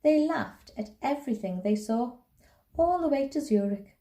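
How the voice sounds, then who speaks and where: A woman, a primary school teacher, reading a children's novel aloud in a gentle, unhurried way. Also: high voice, lively intonation. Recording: roomy echo.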